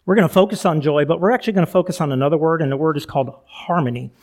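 Chatty man preaching, fairly high voice. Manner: chatty, warm asides, laughs at himself, halting restarts. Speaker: pastor. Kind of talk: sermon.

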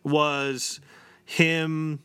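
In an extremely slow, flat delivery, a podcast co-host chats casually, full of fillers and restarts. His voice is fairly high, bright, forceful, clear, and resonant, captured in a dry recording.

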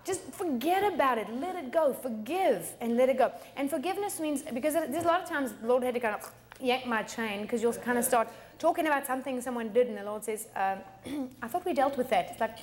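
Middle-aged lady pastor preaching, chatty and laughy, kinda high voice. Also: expressive, brisk, a little hiss or hum. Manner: chatty, laughs often, repeats words. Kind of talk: sermon teaching.

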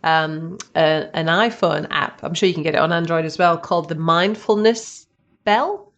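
A woman with a slightly low voice hosts a relaxed conversation. She talks in a chatty way and laughs readily. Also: lo-fi sound. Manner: chatty, warm, quick to laugh. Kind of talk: casual chat.

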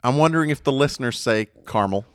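A man's voice: medium pitch, expressive, brisk, fairly bright tone, no room sound, studio quality. A man co-hosting a casual podcast, taste-testing snacks and musing about how words are pronounced. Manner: chatty, ponders pronunciation at length. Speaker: podcast host.

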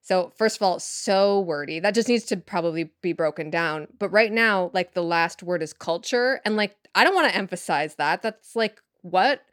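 Lowish-voiced woman, rambling podcast guest. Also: normal speed, hardly any pauses, no echo, studio quality. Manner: rambling, filler-heavy, thinks aloud. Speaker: podcast guest, writer for kids' TV. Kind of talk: casual interview chat.

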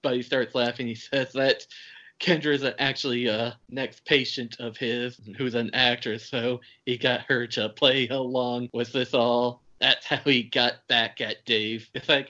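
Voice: mid-range voice, steady tone, measured pace, pushed and bright. A podcast host recapping a movie in casual chat, laughing while retelling scenes. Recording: dull, lo-fi podcast audio.

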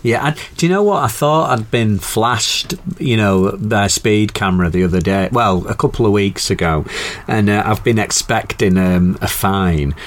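A man co-hosting a podcast in relaxed chat, with a lowish voice. He reacts easily and tells his own stories in an unhurried, easygoing way. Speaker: podcast co-host. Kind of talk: casual chat.

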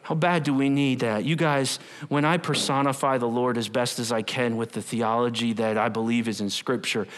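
A man's voice: mid-range voice, moderate pace, hardly any pauses. A middle-aged male pastor preaching a conversational sermon and acting out quotes. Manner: animated, conversational, acts out quotes.

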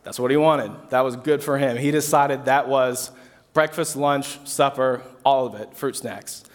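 A young man delivers a sermon in a mid-range voice, weaving a personal story into the message with easy asides and the odd repeated phrase. His words carry a long reverb, as if he were speaking in a large hall. The manner stays conversational and warm toward the listeners without turning into a shout. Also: medium pitch, steady tone, unhurried. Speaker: pastor. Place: hall with an audience.

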